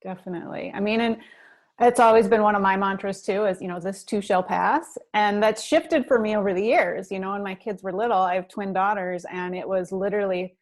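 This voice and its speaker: Upbeat encouraging mom, mid pitch, casual video chat. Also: female voice, a little fast. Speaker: parent, guest in discussion.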